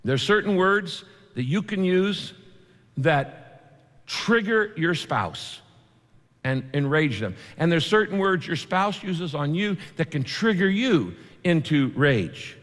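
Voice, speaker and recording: A man preaching a sermon in a conversational way, with vivid asides and quick shifts in delivery. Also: a little high, big pitch swings, fairly bright tone. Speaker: pastor. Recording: long hall reverb.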